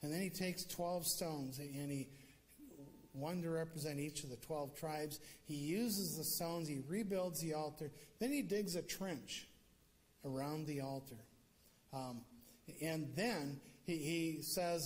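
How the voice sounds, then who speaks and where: A man's voice: fairly high pitch, takes it slowly, darkish tone. A male preacher retelling a scripture story in a casual, conversational sermon with joking asides.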